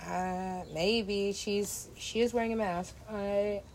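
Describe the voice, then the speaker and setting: Slow, rambling woman who laughs a lot. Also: mid-range voice, fairly even intonation, heavy background noise. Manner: meandering, laughs often, swears casually. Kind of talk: rambling casual monologue.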